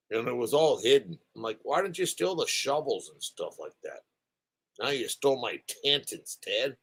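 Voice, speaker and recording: A man rambling casually to his live stream viewers, his pitch swinging widely as he talks. He chats on at ease, jumping from topic to topic. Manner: chatty, rambling, animated. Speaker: livestream host.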